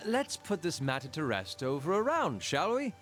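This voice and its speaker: An actor voicing an elven man companion in a video game, with a Scottish accent, a refined and quick-tempered figure whose speech slides between posh and rough. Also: a little high, huge pitch swings, fairly bright tone, soft background music, exaggerated voice. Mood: apologetic.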